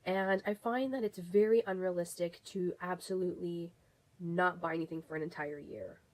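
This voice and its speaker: Young woman, low-ish voice, casual rambling beauty vlogger talking straight to camera. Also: fairly even intonation, moderate pace, darkish tone, poor audio. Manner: chatty, rambling with restarts and fillers. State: has the hiccups.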